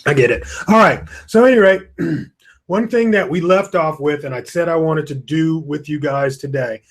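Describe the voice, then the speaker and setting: A man's voice: fairly high pitch, normal speed. A tired man hosts a live webinar from his webcam. His talk is loose and rambling, and he greets viewers by name. He stifles yawns as he goes. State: tired, yawning. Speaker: online course host. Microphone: webcam with screen beside it.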